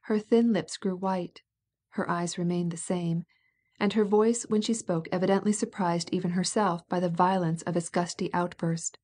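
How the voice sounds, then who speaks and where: A woman narrating a classic novel aloud in a measured, steady manner. Her voice is mellow and warm, with a soft, dark tone. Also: on the low side, breathy edge. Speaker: audiobook narrator. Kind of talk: scripted audiobook narration.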